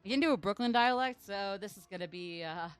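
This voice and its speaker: A woman's voice: medium pitch, brisk, clear, resonant tone, dry recording, faint music behind. A woman streamer chatting casually while playing a game, chatty and self-deprecating. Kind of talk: casual gaming stream chat.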